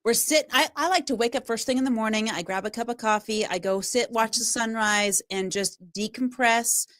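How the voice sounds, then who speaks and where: A woman who works as a public speaker and trainer, telling stories in an emphatic, animated way during a podcast interview. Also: a little high, normal speed, no echo, clean studio sound.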